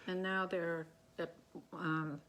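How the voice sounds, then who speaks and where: A woman co-hosting a home play reading, chiming in with quick remarks. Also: on the low side, flat delivery, background noise. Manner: quick interjections. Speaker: co-host. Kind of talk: casual chat.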